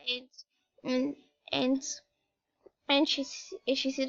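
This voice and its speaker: A young female vlogger retelling a story in a rambling, halting way, often restarting her sentences. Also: high-pitched, flat delivery, gravelly, bright, forceful tone, muffled recording. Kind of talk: storytime vlog.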